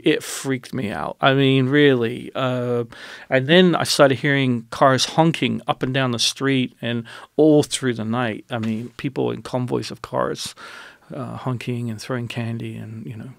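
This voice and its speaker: Man with a gravelly voice telling a story. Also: medium pitch, unhurried, no room sound, studio quality. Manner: rambling, animated storytelling with many restarts. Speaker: interview guest, missionary. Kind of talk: personal storytelling in a radio interview.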